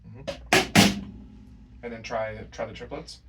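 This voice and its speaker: A man teaching a drum lesson, counting and scatting the rhythms out loud. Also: lowish voice, fairly even intonation, slow pace, soft background music. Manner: counts and scats rhythms aloud. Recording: far from the mic, drums playing loud.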